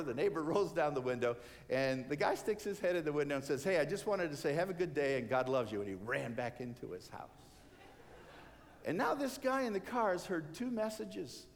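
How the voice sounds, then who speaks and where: Male preacher, lively storyteller, slightly high voice, hall reverb. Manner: animated storyteller acting out characters' lines. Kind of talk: sermon storytelling.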